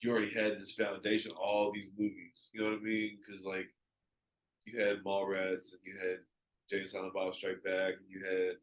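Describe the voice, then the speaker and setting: A man's voice: low-pitched, completely flat delivery, normal speed, roomy sound, rough recording. A man who is a guest on a podcast, talking in a laid-back way with plenty of slang. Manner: laid-back slang talk, laughs often. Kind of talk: casual podcast chat.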